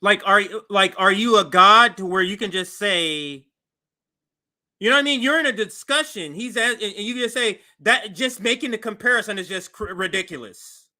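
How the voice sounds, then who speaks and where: A man hosting a commentary show, reacting to a press briefing clip in an animated, incredulous, mocking way. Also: sits high, moderate pace. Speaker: commentary host.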